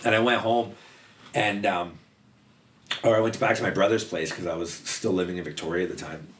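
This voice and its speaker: A man's voice: low-pitched, steady tone, fairly quick, fairly bright tone. A man guesting on a podcast, telling candid stories in a rambling, profane way, full of "like" and restarts. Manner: rambling, profane, heavy use of "like". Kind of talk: candid storytelling about addiction. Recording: roomy, distant mic, faint background noise.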